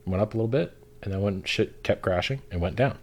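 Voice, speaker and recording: A man with a low-pitched voice holds forth in a blunt, heated rant, swearing at every turn. It sounds like a loose, unscripted talk show, with him doing most of the talking. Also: fast, a little mellow. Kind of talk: casual profane rant.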